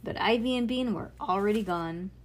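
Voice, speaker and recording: A woman's voice: medium pitch, moderate pace. A woman reading a children's book aloud in an informal way, stopping now and then to correct her own misreadings. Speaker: reader.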